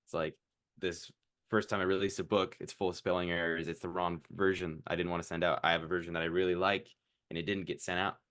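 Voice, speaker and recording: A young man in his twenties chats loosely as a podcast guest. His voice sits very low and the room sounds dry and close. He rambles with plenty of fillers and laughs at his own mistakes. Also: little pitch movement, quick pace, a bit bright, no echo. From Iowa. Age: 20s. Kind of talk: casual interview chat.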